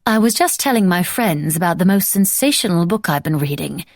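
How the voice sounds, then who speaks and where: A woman's voice: on the low side, expressive, fairly quick, dry recording, clean studio sound. Woman putting on a sly, gushing Regency lady. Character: poised, scheming young Regency society lady. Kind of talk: audiobook character voice.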